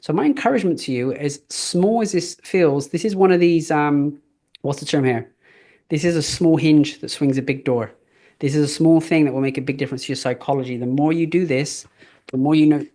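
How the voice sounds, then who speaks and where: A man's voice: a little high, a little fast, dark tone. A middle-aged man giving a live business coaching session, casual and chatty, telling stories with fillers. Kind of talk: live training talk.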